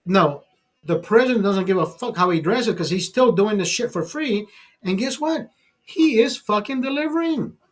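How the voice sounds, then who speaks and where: A man's voice: sits high, animated, normal speed, faint music behind. A man hosting his own channel, delivering a heated, profane political rant full of restarts. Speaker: channel host.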